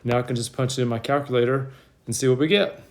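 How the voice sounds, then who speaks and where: A man's voice: medium pitch, steady tone, fast talker, darkish tone. Man, math teacher, out of breath, step-by-step explaining, faint background noise. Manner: plain step-by-step explaining, talks himself through the work. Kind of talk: whiteboard math lesson. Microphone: tablet mic.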